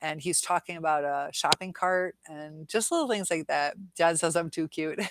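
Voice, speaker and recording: Slow-talking woman, casual chat. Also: deep voice, noisy background. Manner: rambling, chatty, laughs often. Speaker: livestream host reading viewer chat.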